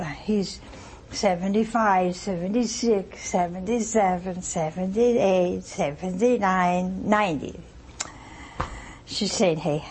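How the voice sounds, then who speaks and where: A woman preaching a sermon, retelling a scripture story with lively rhetorical asides to her congregation. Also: medium pitch, slight background noise.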